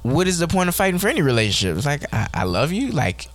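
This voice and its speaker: A man's voice: a little high, sing-song, fast. A man co-hosting a casual TV recap podcast, rambling and restarting as he questions things aloud. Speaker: podcast co-host.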